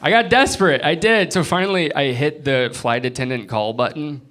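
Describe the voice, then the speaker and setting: This is a young Florida comic working a comedy club stage for a live audience. He rattles off quick impressions of people, animated and popping into high-pitched voices, while the crowd laughs in the background.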